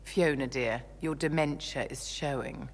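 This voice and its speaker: A haughty, mock-sweet mage. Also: female voice, extremely low pitch, exaggerated voice. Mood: condescending. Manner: slow, cutting, mock-sweet. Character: haughty elegant woman mage, condescending. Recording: game audio with long reverb.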